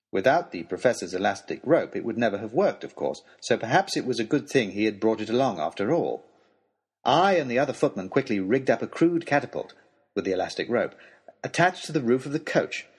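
A man's voice: mid-range voice, sing-song, brisk, slightly rough. A man narrating a humorous storybook letter with dry, wry delivery. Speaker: audiobook narrator.

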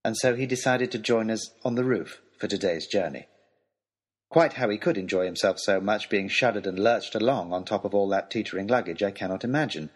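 Wry, husky male storyteller. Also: medium pitch. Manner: dry, wry storytelling with lively inflection. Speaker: audiobook narrator. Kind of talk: scripted storybook narration in letter form.

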